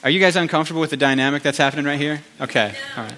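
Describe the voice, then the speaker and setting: A male pastor giving a conversational sermon, animated, with chatty asides to the congregation. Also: on the high side, fast talker.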